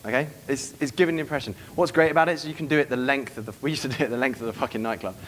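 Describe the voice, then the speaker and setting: A man giving a seminar to a live room, brisk and profane, acting out club scenes as he goes. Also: mid-range voice, fairly bright tone, a little hiss or hum. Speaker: dating coach giving a seminar. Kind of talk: live seminar talk to an audience.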